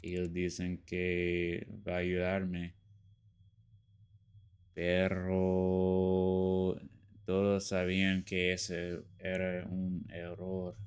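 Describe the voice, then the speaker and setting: A man's voice: low-pitched, monotone, darkish tone, smooth. A man putting on a weary Mexican-accented engineer. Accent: put-on Mexican accent. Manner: slow, heavy Spanish-laced delivery. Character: weary young male engineer suspect.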